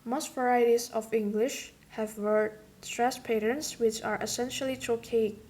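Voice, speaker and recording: Brief: young woman, student presenter, reads slowly, higher voice, repeats examples. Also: steady tone, darkish tone. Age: young adult. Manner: slow, careful, repeats example words. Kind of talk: read-aloud class presentation.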